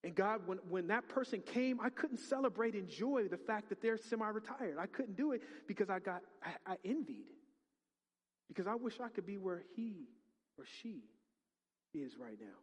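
A middle-aged male pastor preaching a sermon, swinging from hushed, prayerful murmurs to loud, excited exclamations. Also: sits high, normal speed, husky, long reverb tail.

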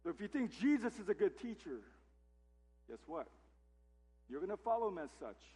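Pastor guy preaching, pitch up high and swinging around, long echo in the hall. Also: big pitch swings, moderate pace, warm tone, slightly rough. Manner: emphatic, with rhetorical questions. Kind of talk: sermon.

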